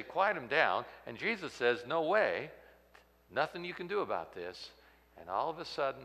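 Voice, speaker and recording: Dramatic male preacher, bright voice. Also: mid-range voice, long reverb tail. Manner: dramatic, swings from loud to hushed. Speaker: pastor. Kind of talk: sermon.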